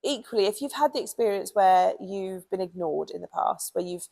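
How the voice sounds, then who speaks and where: A British woman with a gravelly, fry-edged voice chatting casually as a dog trainer. She talks in a loose, friendly way, filling gaps with ums and you knows. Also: medium pitch, normal speed, dark tone, poor audio. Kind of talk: casual advice talk.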